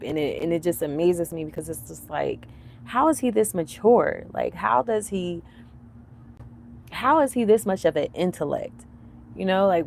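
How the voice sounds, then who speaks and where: A woman in her thirties hosting a live commentary stream, chatty and animated, laughing often, with lots of fillers. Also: on the low side, vocal fry, slight background noise. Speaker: livestream commentary host. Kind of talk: casual commentary chat.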